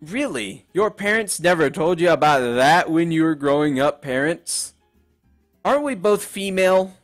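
A man's voice: fairly high pitch, expressive, moderate pace, soft background music. A young man commenting on a game he is playing, joking and offhand. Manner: wisecracking, offhand. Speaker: let's play gamer.

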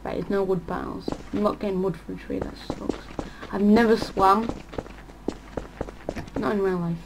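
A woman's voice: mid-range voice, steady tone, moderate pace, creaky. A woman giving casual gameplay commentary for her channel, thinking aloud and often trailing off mid-sentence. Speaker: gaming channel host. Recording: audible background noise.

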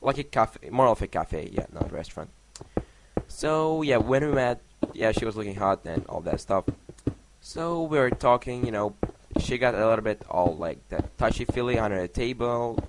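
A man's voice: mid-range voice, expressive, normal speed. A young man telling a story while playing a game, rambling and swearing often. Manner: rambling, swears a lot, counts blocks under his breath. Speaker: gaming vlogger. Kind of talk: casual storytelling over gameplay. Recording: noisy home mic recording.

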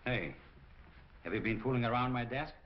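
An actor playing a curt, dismissive crook who runs a shady business, in 1940s film acting. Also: male voice, medium pitch, moderate pace, a little hiss or hum, close to an everyday voice. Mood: breezy. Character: hard-nosed male crook running a shady business. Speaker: criminal boss. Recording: dull old film soundtrack.

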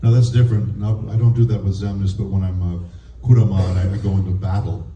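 Deep-voiced guy doing a voice panel, lively and laughing, roomy distant sound with faint noise. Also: fast talker, highs cut off. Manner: lively, demonstrative, laughs often. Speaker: voice actor and speech teacher. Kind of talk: convention panel talk. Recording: echoey room heard from a distance.

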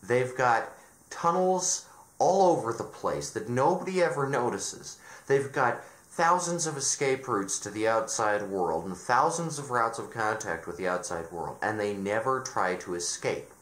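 A video reviewer with a medium-pitched, fairly bright voice and lively intonation rants sarcastically about a show at a measured pace. He sounds exasperated and keeps restarting sentences, and the recording has a roomy echo.

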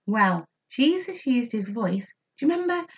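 A woman with a high, very lively voice tells a story to small children, unhurried and sing-song. Her tone is bright, and the recording sounds a little dull and lo-fi. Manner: animated, sing-song, inviting children to join in. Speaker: children's church leader.

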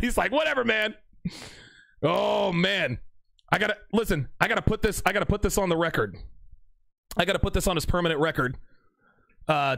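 A young man hosting a livestream, reading out chat messages with animated, joking banter and mock courtroom lines. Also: sits high, creaky, dry recording.

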